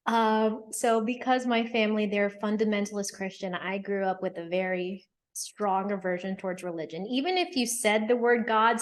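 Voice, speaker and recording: A woman in her thirties, an attorney and hypnotherapist, earnestly telling her personal story in a thoughtful, reflective interview. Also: fairly high pitch. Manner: earnest, thoughtful, with frequent ums and quoted inner thoughts.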